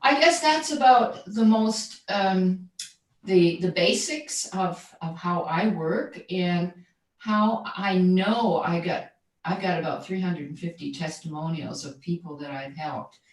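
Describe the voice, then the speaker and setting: This woman, a voice coach who also sings jazz, talks slowly in a fairly low voice while explaining her methods in a conversational interview. She frequently checks in with "right?" and repeats words when searching for them, and she sits distant from the mic in an echoing room.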